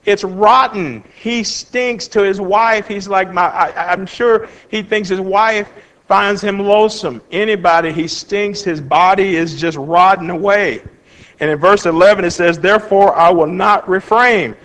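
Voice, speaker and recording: A man's voice: high voice, unhurried, long reverb tail, rough recording. A man teaching an informal Bible study, reading verses aloud and then explaining them in a plain, conversational way. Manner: animated, acts out Job's feelings in his own words.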